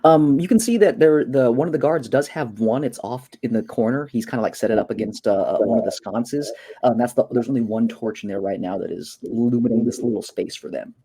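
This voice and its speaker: A man's voice: mid-range voice, fairly quick, few pauses, warm tone, slightly rough. A man acting as game master of a tabletop game, easygoing and encouraging with his players.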